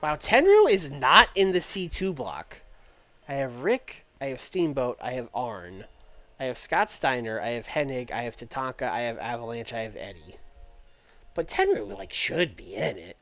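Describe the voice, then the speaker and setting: A man's voice: mid-range voice, big pitch swings, moderate pace, fairly bright tone. A man casually talking through a strategy game on a livestream, thinking aloud and addressing his chat. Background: faint background music.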